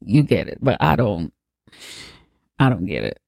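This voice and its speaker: A man's voice: fairly low pitch, huge pitch swings, a little slow, gravelly, a little mellow, no echo. A man hosting a comedy podcast, retelling a horror film in a slangy, profane, laughing way. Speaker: podcast host. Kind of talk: comedic movie recap.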